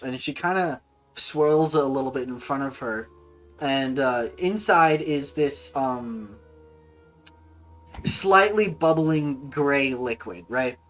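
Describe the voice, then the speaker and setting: Woman, game master, rambling, animated, faint music behind. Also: a bass voice, a little slow. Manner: rambling, animated, many fillers. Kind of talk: narrating a tabletop game.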